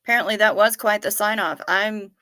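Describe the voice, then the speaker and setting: Woman streamer chatting with her viewers, bright forward voice, dry close sound, wry and rambly. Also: mid-range voice, fairly even intonation, a little fast, no room sound. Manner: chatty, wry, muses aloud and repeats herself for effect. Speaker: livestream host. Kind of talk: casual chat reading out live viewer comments.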